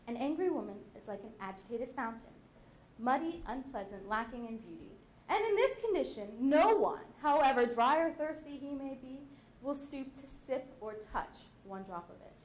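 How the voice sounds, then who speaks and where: A young woman performs Katherine from Shakespeare in a high, bright voice, slow and declamatory as she lectures wives. Her recitation rings out in an echoey hall. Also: animated, slight background noise.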